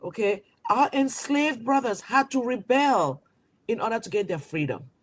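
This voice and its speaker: A woman's voice: fairly high pitch, expressive, normal speed. Woman from cameroon, magazine publisher, talks with lots of emphasis and rhetorical questions, restarts a lot. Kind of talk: impassioned interview talk.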